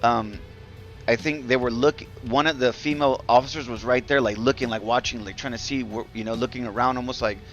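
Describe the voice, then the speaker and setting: Male streamer, mid-pitched, casual and foul-mouthed, rambling storyteller over faint music. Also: fairly even intonation, brisk, fairly bright tone, dull audio. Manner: rambling, profane, many fillers and restarts. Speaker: game streamer. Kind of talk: casual storytelling while live-streaming a game.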